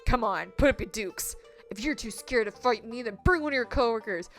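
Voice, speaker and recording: A woman voicing a feisty male village shopkeeper who taunts his rival loudly while she reads game dialogue. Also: on the high side, expressive, a little fast, soft background music. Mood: taunting. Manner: taunting, loud and combative.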